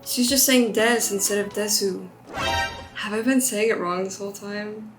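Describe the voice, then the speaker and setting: A woman's voice: medium pitch, fairly even intonation, normal speed. A young woman in her twenties, chatting curiously in a casual language-learning vlog and laughing at herself. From United States. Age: 20s. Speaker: vlogger. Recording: roomy sound with faint background music.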